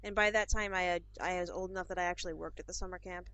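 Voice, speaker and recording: A woman's voice: fairly low pitch, fairly even intonation, quick pace, fairly bright tone, dry recording. A woman co-hosting a podcast in casual chat, rambling along with plenty of fillers. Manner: chatty, rambling, with many fillers. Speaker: podcast co-host. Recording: dull lo-fi podcast recording.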